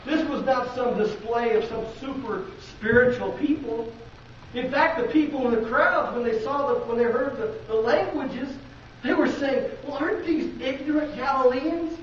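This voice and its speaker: A man's voice: very high voice, moderate pace, slight background noise. A man with a Midwestern American accent preaching a sermon in a church, talking conversationally and asking the congregation rhetorical questions. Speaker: pastor. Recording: very echoey, distant, dull lo-fi.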